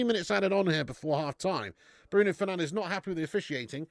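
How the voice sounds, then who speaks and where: A man's voice: high voice, animated, fast talker, no room sound. A man hosting a live football watch-along from his garage, chatting casually and swearing while reading out viewer messages. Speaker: fan channel host. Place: home garage streaming setup. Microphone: streaming setup.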